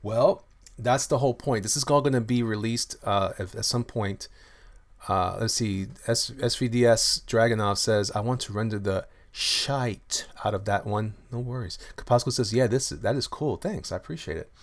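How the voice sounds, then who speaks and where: A comic maker with a mid-range voice and normal speed hangs out on a live stream, showing his artwork and reading comments from viewers. His talk is rambling and easygoing, peppered with fillers and frequent restarts.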